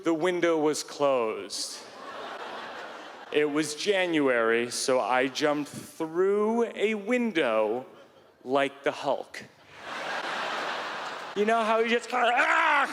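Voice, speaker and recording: A man telling a stand-up story in a rambling, self-mocking way, now and then bursting into shouts, on a theater stage. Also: fairly high pitch. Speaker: stand-up comedian. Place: large theater stage before a live audience. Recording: live hall recording with faint room noise.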